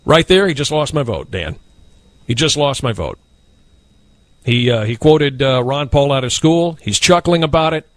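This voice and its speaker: Fiery, blunt radio talk host. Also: male voice, medium pitch, lively intonation, moderate pace, no room sound. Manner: fiery, blunt, emphatic and indignant. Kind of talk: heated talk radio rant. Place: radio studio.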